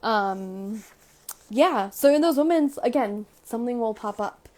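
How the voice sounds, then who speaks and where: A woman's voice: a little high, animated, unhurried, a little mellow. A young adult woman talking casually to camera about emotions, full of "like" and "right?". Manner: chatty, fills with "like" and "right?". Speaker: vlogger. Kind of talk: casual self-help talk.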